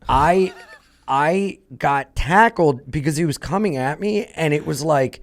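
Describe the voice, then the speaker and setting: Profane, animated male comedian telling a story. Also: fairly high pitch, unhurried. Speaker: comedian guest. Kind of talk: casual storytelling chat.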